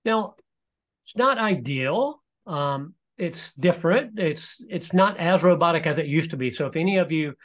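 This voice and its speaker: Man giving a relaxed software demo. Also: a little high, normal speed. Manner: relaxed, explanatory, with frequent fillers. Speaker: presenter demonstrating e-learning software. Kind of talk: live webinar software demo.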